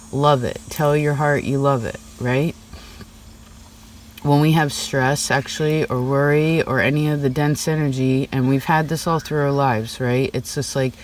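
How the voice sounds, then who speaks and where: A man's voice: mid-range voice, a little hiss or hum. A man giving a casual tarot reading, talking in a rambling, chatty way full of "like" and "right?". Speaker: tarot reader. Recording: slightly distant mic.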